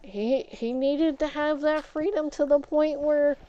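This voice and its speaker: A woman streaming a game while telling a story in a casual way, getting loud and worked up as she recounts an argument and swapping curse words for "flip". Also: high voice, unhurried, dull audio. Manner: animated, gets loud and agitated retelling a confrontation, swaps curses for "flip".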